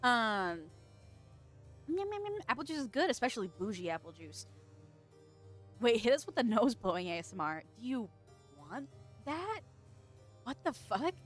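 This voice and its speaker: Giggly high-voiced woman streamer. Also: very animated, moderate pace, pauses often, soft background music. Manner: giggly, swears casually, teasing. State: stuffy nose. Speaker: streamer reading chat. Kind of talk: casual live-stream chat. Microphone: desk microphone.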